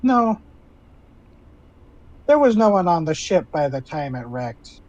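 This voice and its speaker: Man putting on sly old sea hags, sweetly sinister, a bit high. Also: big pitch swings, slow pace, darkish tone, dull audio. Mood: innocent.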